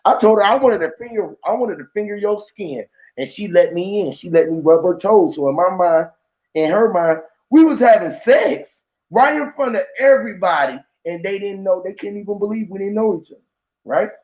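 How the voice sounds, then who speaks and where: A man telling stories in casual chat, animated and slangy, acting out the voices in his stories. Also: high voice, normal speed, muffled recording.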